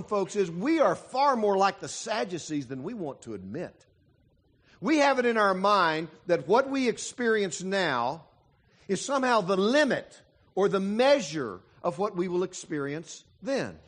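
A man preaching a sermon as a pastor, emphatic and full of dramatic pauses. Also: high voice, expressive.

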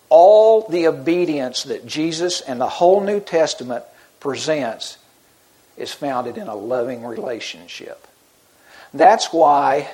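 A middle-aged man preaching a sermon in an earnest, conversational way, often restarting his sentences. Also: a little high. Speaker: pastor.

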